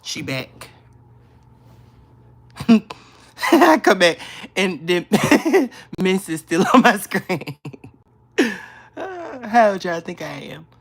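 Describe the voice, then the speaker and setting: Lying in bed, a thirtysomething woman hosts a relaxed live stream, laughing often and ribbing her audience as she goes through their comments. She speaks slowly in a fairly low, sing-song voice with a breathy edge and long pauses.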